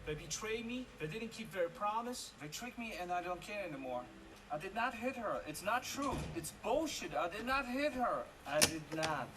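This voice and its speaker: This is an emotional, lovelorn grown man, speaking with a heavy unusual accent and stilted, halting phrasing. His voice sits high and swings widely in pitch. The film audio is distant and buried under loud music. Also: animated, background noise. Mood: bitter. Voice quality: strong unusual foreign-sounding accent, halting odd phrasing. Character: awkward, emotional adult man, lovelorn banker. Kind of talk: film dialogue.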